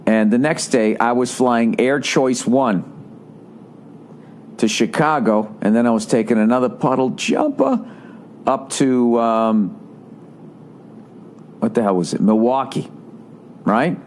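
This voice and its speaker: A man hosting a podcast, telling a rambling comic story with animated, profane ranting. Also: medium pitch, slow, pauses often, slight background noise. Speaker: podcast host.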